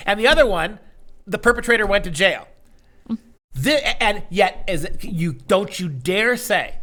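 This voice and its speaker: A man's voice: sits high, lively intonation, unhurried, pushed and bright. Sarcastic male talk show host. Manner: sarcastic, mock-serious joking. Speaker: show host and education lecturer. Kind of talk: casual opinion talk show banter.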